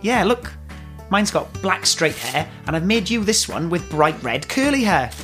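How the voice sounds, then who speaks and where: Low-voiced bossy woman. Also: very animated, a little slow, a bit bright, faint music behind. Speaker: sketch podcast host. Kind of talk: comedy sketch.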